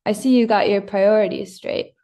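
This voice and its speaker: A woman's voice: medium pitch, fairly even intonation, normal speed, dark tone, close to an everyday voice. A woman reading the lines of a blunt Scandinavian man in a cowboy hat, with a Scandinavian accent, in a slightly raised voice.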